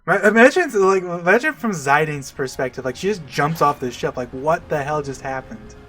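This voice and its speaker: A man's voice: on the high side, lively intonation, moderate pace, sharp tone. A man casually commentating a game he is playing, chatty and laughing, with lots of "like". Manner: chatty, laughs a lot, many "like"s. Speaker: let's play commentator. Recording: faint game music behind.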